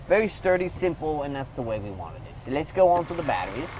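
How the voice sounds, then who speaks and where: A man's voice: a little high, big pitch swings, fast talker, heavy background noise. A man giving a casual hands-on product review, rambling loosely and talking to the viewer as he demonstrates.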